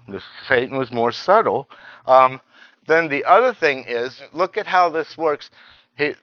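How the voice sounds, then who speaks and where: A man teaching a Bible study lesson, halting and restarting often and reading scripture passages aloud. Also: medium pitch, no room sound, highs cut off.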